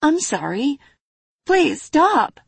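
A woman's voice: high-pitched, big pitch swings, extremely slow, creaky, no echo, pitched above the performer's own voice, full character voice. A woman voicing a polite, pouty young demon girl who is the demon lord's daughter. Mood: pleading.

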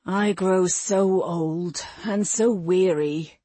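A woman reading the part of a weary, patient old male wizard who speaks slowly. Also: lowish voice, dark tone, breathy edge, dry recording, heavily acted. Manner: slow and tired.

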